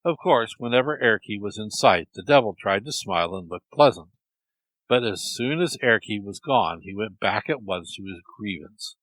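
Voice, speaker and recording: A man telling a folk tale in a lively, expressive storytelling manner. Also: fairly low pitch, moderate pace, no echo, low-quality recording. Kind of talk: storytelling narration.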